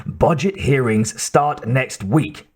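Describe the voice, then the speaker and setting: A man's voice: medium pitch, slow, a little mellow, husky. A man reading as an impatient male defense executive who grumbles and pushes. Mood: grumbling. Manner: grumbling, pushy.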